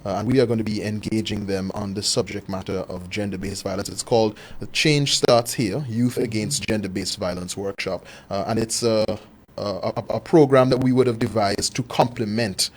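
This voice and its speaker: A man's voice: lowish voice, normal speed. A male guest on a radio interview, explaining his organization's youth outreach in a fluent, informative and good-humoured way. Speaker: communications officer, guest. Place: radio studio.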